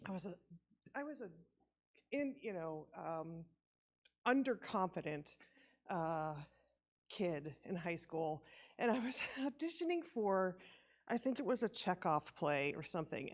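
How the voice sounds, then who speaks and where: At a church memorial, a woman with a lowish voice and big pitch swings gives an informal, rambling eulogy for her aunt at a slightly slow pace. She's self-deprecating and laughs often as she shares memories.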